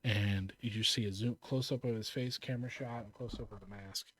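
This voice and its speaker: A man's voice: lowish voice, steady tone, brisk, fairly bright tone. A man co-hosting a podcast in casual chat, animatedly retelling a film scene, swearing and acting out the lines. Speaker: podcast co-host.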